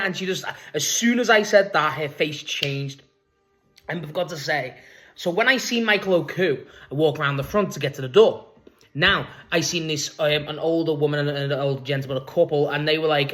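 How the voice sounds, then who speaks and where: A man's voice: a little high, a little fast, a bit bright. A man with a Liverpool accent telling a rambling, sweary story in a casual vlog. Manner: rambling, sweary, laughs while talking. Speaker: vlogger.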